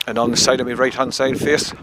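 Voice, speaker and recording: A man's voice: mid-range voice, little pitch movement, quick pace. A man talking casually while walking his dog on a woodland trail, chatty and rambling, with a coaxing voice for the dog. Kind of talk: casual walk-and-talk narration. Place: outdoors on a woodland trail by a stream. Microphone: handheld camera mic. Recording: loud wind noise on the mic.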